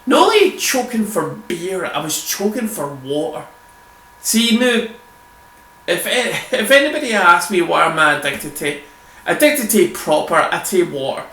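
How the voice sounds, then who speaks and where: A man's voice: high-pitched, very animated, unhurried, pushed and bright. A man talking casually over his gameplay, rambling and swearing, laughing often as he chats. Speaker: gameplay video host. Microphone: desk microphone. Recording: echoey room with faint hum.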